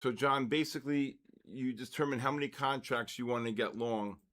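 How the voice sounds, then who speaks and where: Excitable older man calling live market moves. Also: medium pitch, moderate pace. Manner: excitable, exclaiming at price moves. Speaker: trading livestream host.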